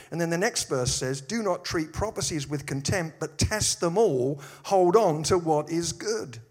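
A pastor preaching a sermon, telling stories with dry humorous asides. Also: male voice, a little high. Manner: animated storytelling with humorous asides.

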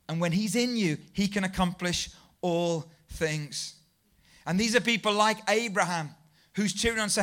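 A man preaching a sermon, telling stories in a lively, self-deprecating way and building to near shouts. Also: high-pitched, normal speed. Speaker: pastor.

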